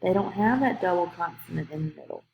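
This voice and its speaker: A woman's voice: fairly low pitch, animated, quick pace, creaky, lo-fi sound, slight background noise. A woman, teaching a grammar lesson to young students. She explains patiently step by step and checks in with "okay?". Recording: echoey room.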